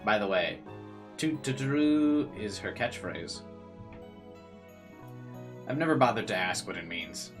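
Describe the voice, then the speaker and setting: Streamer guy, low voice, dramatic game reading, faint music behind. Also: animated, measured pace, long pauses, a bit bright. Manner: reads narration aloud with added inflection, chats with viewers. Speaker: streamer playing a visual novel. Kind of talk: casual chat and dramatic reading aloud.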